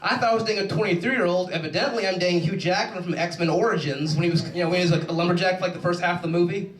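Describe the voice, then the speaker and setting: Young man, stand-up comic, high voice, echoey room, distant mic. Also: rapid-fire. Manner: rambling, animated storytelling. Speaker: stand-up comedian. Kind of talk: stand-up comedy set. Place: show stage in a large room.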